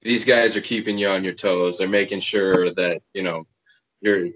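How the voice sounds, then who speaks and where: A man hosting a podcast, chatting with his guest in a relaxed, agreeable way. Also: low voice, moderate pace, low-quality recording. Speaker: podcast host. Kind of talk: casual interview chat.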